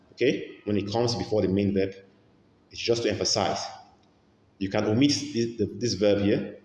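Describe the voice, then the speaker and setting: Slow, patient male English teacher. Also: fairly low pitch, a little mellow, a little hiss or hum. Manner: slow, patient, repeats each example. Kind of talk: grammar lesson. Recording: echoey room with long reverb, faint ambience.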